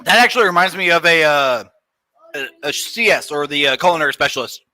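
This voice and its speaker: Bright-voiced young man swapping navy stories. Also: fairly high pitch, lively intonation, a little fast, dry recording. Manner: profane, loose storyteller. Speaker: podcast guest. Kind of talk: casual storytelling chat.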